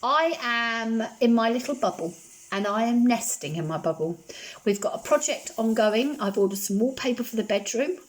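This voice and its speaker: Woman home cook vlogging from her kitchen, chatty and reassuring, voice on the higher side. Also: animated, normal speed. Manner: chatty, reassuring, repeats phrases for comfort. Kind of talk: casual chat while cooking.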